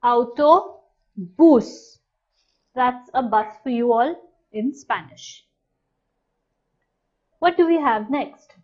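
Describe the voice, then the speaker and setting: A woman teaching a language lesson, saying each new word slowly and clearly and then repeating it. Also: a little high, a little mellow. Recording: dull, slightly lo-fi sound.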